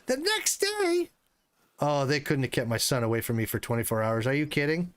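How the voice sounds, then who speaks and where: A man in his thirties talks fast and smoothly in a mid-range voice while streaming a hunting game. He chats with viewers, swears when it frustrates him, and the recording is dry.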